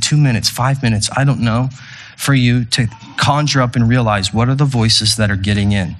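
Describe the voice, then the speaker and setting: A man's voice: medium pitch, fairly bright tone. A man preaching as pastor to a congregation in a church room, earnest and repeating his phrases with stumbling restarts as he leads communion and prayer. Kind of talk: sermon leading communion and prayer.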